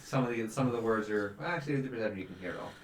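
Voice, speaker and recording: A man running a live-streamed tabletop game as dungeon master, narrating with a laughing, lively manner. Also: fairly low pitch, very fast. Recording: roomy room, distant mic, faint noise.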